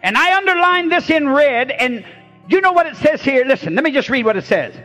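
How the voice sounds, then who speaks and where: Male revivalist preacher, soaring animated delivery, folksy storyteller, loud call-and-response sermon. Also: very high voice, soft background music. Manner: preaching with shouted, drawn-out refrains and folksy storytelling. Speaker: pastor. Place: church before a congregation.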